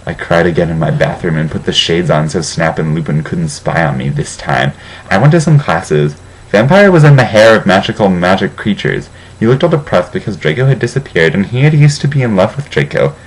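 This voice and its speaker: A man's voice: low-pitched, animated, fairly quick, a little hiss or hum, low-quality recording. A young man comically reading a fan fiction aloud, mock-serious, with sarcastic asides.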